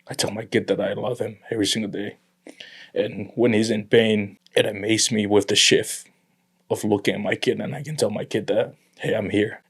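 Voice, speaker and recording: Earnest Tongan man, quiet and halting. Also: fairly low pitch, husky. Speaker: guest. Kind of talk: emotional personal conversation.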